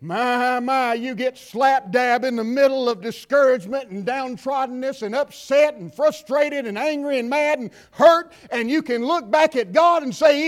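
A man preaching a sermon in a church, swinging from quiet asides to shouted lines. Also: very high-pitched, normal speed, few pauses. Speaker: pastor. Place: church sanctuary.

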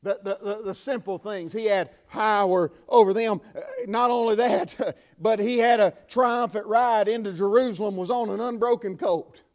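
A man preaching a sermon, swinging from hushed asides to shouted peaks. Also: high voice, normal speed, hardly any pauses. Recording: dull lo-fi recording.

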